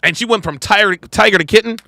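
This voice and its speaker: A man's voice: sits high, fast, vocal fry, bright, forceful tone, no room sound. A man hosting a podcast, reacting to a clip in emphatic, profane commentary and repeating his points.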